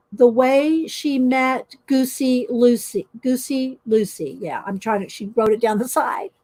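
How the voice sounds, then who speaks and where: Woman, fairly high voice, chatty, laughs often, reads stories aloud with expression, at home. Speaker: art journaling video host. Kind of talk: casual chat, reading aloud.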